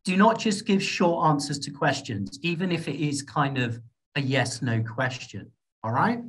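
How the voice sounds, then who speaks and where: A man with a British accent giving an online exam-prep speaking workshop in a lively, encouraging way, often checking in with the class. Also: a little high, normal speed. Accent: British English. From Britain. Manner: lively, encouraging, checks in with "okay?" and "all right?". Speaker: IELTS speaking teacher.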